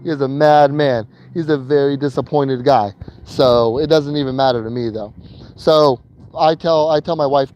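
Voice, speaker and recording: A man's voice: medium pitch, steady tone, moderate pace, darkish tone, lo-fi sound. A man telling a personal story in a casual vlog while in a vehicle he is driving, talking loosely with slang and many fillers and repeats. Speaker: vlogger.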